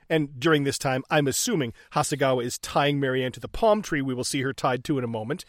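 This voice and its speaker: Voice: medium pitch, fast talker, few pauses, no echo, studio quality. A speaker in casual, profane chat, recapping a movie with laughter and acted-out lines. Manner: profane, laughing, acts out characters.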